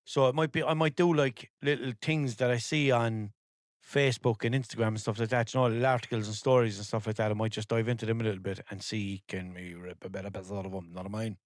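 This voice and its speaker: A man's voice: on the low side, fairly even intonation, fast, no echo. A man with a Limerick Irish accent hosting his own podcast, rambling cheekily and swearing freely. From Ireland. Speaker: podcast host. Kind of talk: casual podcast monologue.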